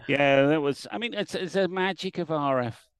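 A middle-aged man, an animated storyteller chatting casually as a livestream guest and acting out the lines he quotes. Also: on the high side, normal speed, clear, resonant tone, dry recording, clean studio sound. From England.

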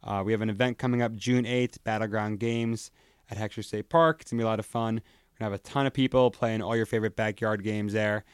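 Man, podcast guest, casual chat, rambling anecdotes, smooth voice, dry sound. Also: lowish voice, fairly even intonation, quick pace, no echo. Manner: chatty storyteller with restarts.

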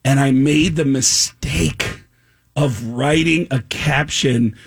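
A man, a comedian, telling a comic story on a radio show and acting out other people's voices with gasps and shouts. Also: medium pitch, slow pace, vocal fry, slightly rough. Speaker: stand-up comedian guest.

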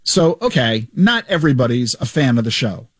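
A man hosting his radio show, telling stories in an animated, joking way into a studio microphone. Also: medium pitch, moderate pace, breathy edge, no echo. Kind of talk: radio show retrospective monologue.

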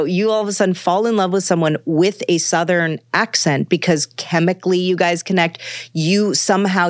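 A woman's voice: no room sound, clean studio sound. A woman from New York chatting animatedly on a podcast, acting out quoted lines. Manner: animated, acts out quotes in bright high voices. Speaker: guest, voice coach and author. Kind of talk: casual podcast chat.

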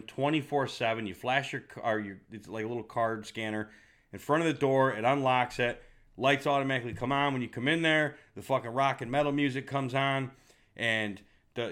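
A middle-aged man sounding off in a blunt, heated vlog rant, cursing through nearly every sentence. His voice sits at an ordinary middle pitch for a man. He talks plainly and forcefully. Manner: blunt, heated, swears constantly. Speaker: fitness vlogger. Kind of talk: profane rant to camera.

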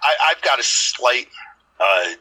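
A man's voice: medium pitch, animated, a little slow, sharp tone, slightly rough, low-quality recording. A man telling rambling stories in a casual podcast chat, swearing freely.

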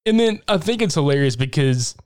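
A man in casual chat, recapping a horror film with lots of swearing and laughter, acting out lines in quick impressions. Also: on the high side, lively intonation, darkish tone, smooth. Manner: profane, laughing, acts out scenes in quick impressions. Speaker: podcast co-host recapping a film.

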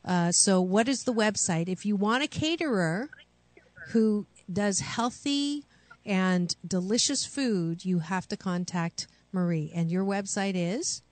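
A woman hosting a radio call-in show, coaching callers with slow, soothing affirmations. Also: mid-range voice, no room sound. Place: radio studio.

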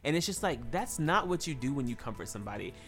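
A man's voice: mid-range voice, sing-song, quick pace, over loud music. A man hosting a podcast in casual chat, earnestly retelling events and quoting people. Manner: earnest, tells stories, quotes people. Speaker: podcast host. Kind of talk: casual chat recapping a reality show.

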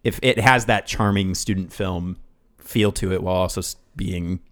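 A man's voice: sits low, moderate pace, fairly bright tone. A man co-hosting a casual podcast, reading film facts and riffing on them with loose, rambling asides. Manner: rambling, reads facts then riffs, swears. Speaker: podcast co-host.

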